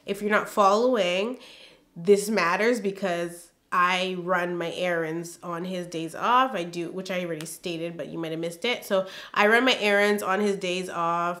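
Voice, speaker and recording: A woman with a bright, clear voice reads her old journal aloud for a storytime vlog. She stops often for emphatic, exasperated comments of her own. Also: lowish voice. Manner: emphatic, exasperated asides between read-out passages.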